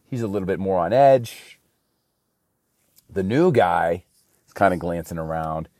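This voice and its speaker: A man's voice: sits low, lively intonation, measured pace, darkish tone, no echo. A man talking in a rambling, slangy casual monologue in a studio, saying bro a lot.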